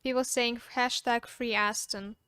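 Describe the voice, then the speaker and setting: A woman's voice: fairly high pitch, steady tone, measured pace, a bit bright, smooth, no echo, studio quality. A woman co-hosting a casual livestream, chatting with fillers and trailing off. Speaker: livestream co-host.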